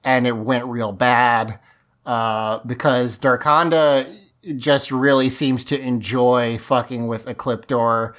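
A man's voice: mid-range voice, steady tone, slow pace, fairly bright tone. A man co-hosting a podcast, recapping an episode in a chatty, amused, rambling way. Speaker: podcast co-host. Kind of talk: casual episode recap chat.

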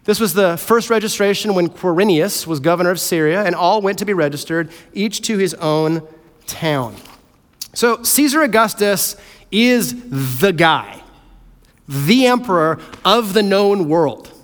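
A man preaching a sermon as pastor, animated and playfully acting out characters. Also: high-pitched, unhurried. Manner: animated, acts out voices of characters. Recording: hall reverb.

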